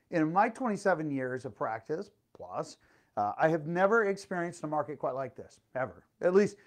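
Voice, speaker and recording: A middle-aged man working as a real estate agent, telling a story and giving a market update in a chatty, playful way, with lots of fillers and exclamations. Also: on the high side.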